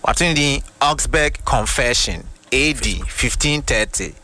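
A man with a Ghanaian accent preaching, reading quoted passages slowly and deliberately before explaining them. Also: mid-range voice, lively intonation, pushed and bright. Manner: reads quotations slowly and deliberately, then explains. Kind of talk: sermon teaching with quoted readings.

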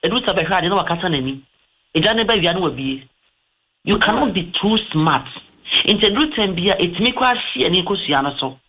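A man's voice: sits high, expressive, fairly quick, bright, forceful tone, a little hiss or hum, poor audio. A man with a Ghanaian accent, an eye doctor giving health advice on a talk show, explaining patiently and mixing in English terms.

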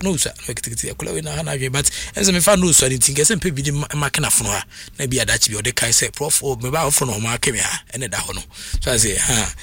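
A man with a Ghanaian accent hosting a sports radio show, talking in a rambling, animated way with many fillers. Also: medium pitch, husky. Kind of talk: casual talk commentary.

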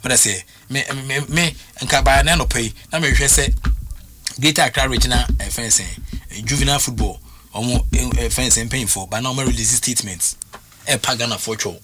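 A man's voice: medium pitch, a little fast, pushed and bright. A man talking football as a pundit, emphatic and full of restarts and repeated words. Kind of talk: animated radio sports talk.

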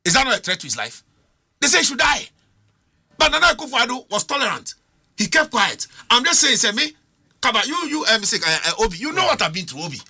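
A man's voice: very high-pitched, sing-song, quick pace, sharp tone, slightly rough. A man with a Ghanaian accent, a political commentator on a studio panel, arguing with rhetorical questions and switching between English and Twi.

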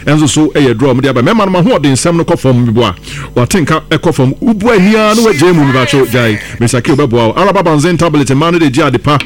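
A man calling in to a radio show, rambling and halting, with many fillers. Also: fairly high pitch, animated.

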